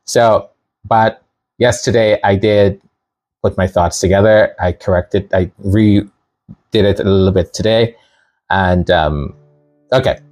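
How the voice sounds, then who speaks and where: A middle-aged man from Canada hosting his own channel in a relaxed, rambling monologue. His voice sits fairly low, and he laughs often and restarts his sentences as he talks. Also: unhurried, long pauses. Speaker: channel host. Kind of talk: casual commentary monologue.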